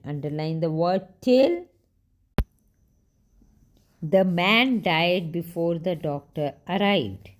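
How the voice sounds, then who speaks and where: Slow, patient woman teacher. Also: on the low side. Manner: slow, patient, repeats sentences and spells words out. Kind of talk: slow classroom lesson for young children.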